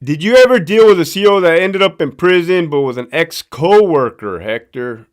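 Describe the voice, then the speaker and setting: A man's voice: fairly high pitch, lively intonation, normal speed. A man from Southern California with a local accent, hosting a casual live stream and answering viewer questions in a slangy, profane, loose storytelling way. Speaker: livestream host, former prison guard.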